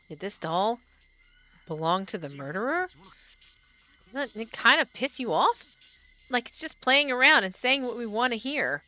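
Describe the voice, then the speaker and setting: A woman's voice: fairly high pitch, big pitch swings, normal speed, bright, forceful tone, soft background music. A woman streamer playing a horror game, chatting, reading the on-screen text aloud, and talking back to the characters.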